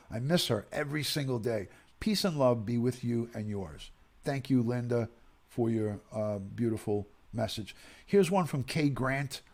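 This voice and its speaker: A grieving middle-aged man from the United States, soft-spoken and near tears as he reads viewer messages on a livestream. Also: medium pitch. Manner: soft-spoken, emotional, pauses and sighs. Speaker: streamer reading viewer messages. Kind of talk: emotional livestream reading.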